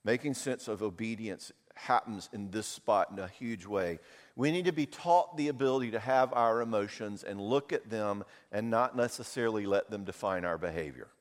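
A middle-aged man preaching a sermon, animated and jokey, acting out little voices. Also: on the low side, normal speed. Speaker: pastor. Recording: long hall reverb.

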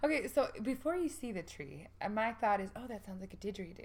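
A woman's voice: mid-range voice, animated, quick pace, breathy edge. A woman co-hosting a casual chat about a film, rambling and hedging as she talks. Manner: rambling, hedging, laughs often.

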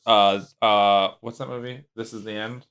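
A man's voice: fairly low pitch, fairly even intonation, moderate pace, a crowd in the background. A man co-hosting a podcast, talking casually about movies, with restarts and laughs. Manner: rambling, many restarts, laughs. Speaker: podcast co-host. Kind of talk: casual chat.

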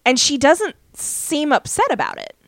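A woman's voice: high voice, huge pitch swings, unhurried, a bit bright, no room sound, clean studio sound. A woman co-hosting a podcast, retelling a TV episode in a rambling way full of "um" and "like". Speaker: podcast co-host. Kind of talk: casual TV recap chat.

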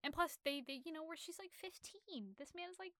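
A woman talking casually about a book she has read, retelling its story in an animated way with many fillers and restarts. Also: very high-pitched, brisk, dry recording, clean studio sound. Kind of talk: casual literary discussion.

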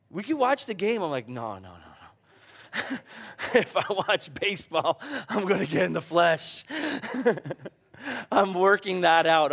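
A middle-aged man preaching a conversational sermon, growing animated as he tells personal stories. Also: a little high. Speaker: pastor.

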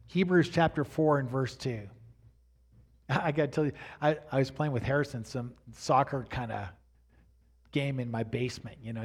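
A middle-aged man preaching a sermon to a congregation, talking straight to them and building to near shouts at the peaks. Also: mid-range voice, slightly rough. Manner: addresses the congregation directly. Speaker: pastor. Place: church sanctuary before a congregation.

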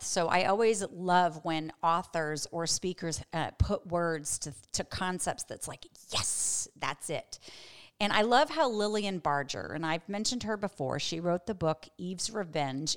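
Earnest female Bible teacher with a slightly low voice; conversational and emphatic, slows down to stress points. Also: fairly bright tone. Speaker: Bible teacher and podcast host.

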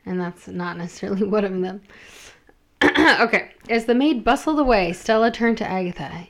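A woman's voice: medium pitch, moderate pace. A woman hosting a podcast, reading a romance story aloud and stopping for self-deprecating asides about her pronunciation. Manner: self-deprecating, laughs at her own slips. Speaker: podcast host and reader.

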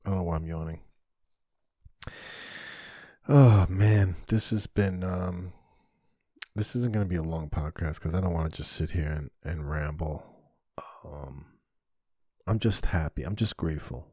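A man's voice: sits low, unhurried, long pauses, warm tone, slightly rough, no echo. A man who hosts his own podcast and does stand-up comedy, talking in a rambling, candid, profane way with lots of fillers, recorded in a small home basement studio. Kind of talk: casual solo podcast monologue.

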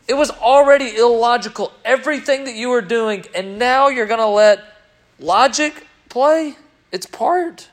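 High-voiced man preaching with animated swings. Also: a little slow. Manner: animated, swinging between loud emphasis and quiet reflection. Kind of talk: sermon.

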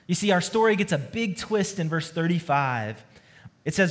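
Slightly high and expressive, this man speaks at a brisk pace while preaching as a pastor. He tells stories earnestly, alternating between quiet passages and forceful emphasis.

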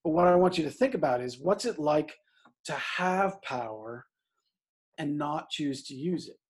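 A fairly high, slightly mellow male voice with a breathy edge: a middle-aged priest preaching conversationally. He keeps asking "right?" and puts strong emphasis on scripture.

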